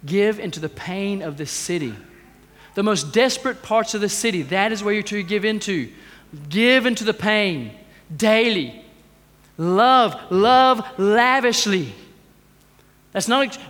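Man, very high voice, sermon, rhetorical questions, long hall reverb. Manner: rhetorical questions, swings between loud urging and hushed intensity. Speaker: preacher.

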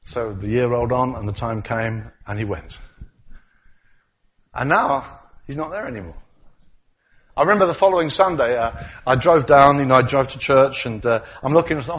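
A man preaching a sermon, animated, acting out the voices of the disciples as he talks. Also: medium pitch, moderate pace, long pauses, dull audio.

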